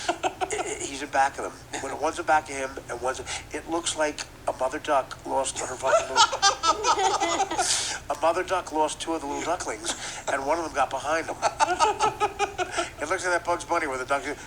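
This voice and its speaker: A man's voice: fairly high pitch, very animated, moderate pace, very noisy. A man hosting a podcast, riffing through a profane comedic rant and laughing at his own jokes. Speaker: podcast host.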